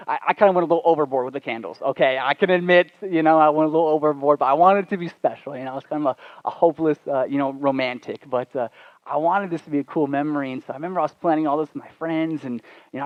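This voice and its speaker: A man pastor telling a story in a sermon at church, animated and poking fun at himself. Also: on the high side, dry recording. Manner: animated, self-deprecating humor. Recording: dull, dry sound.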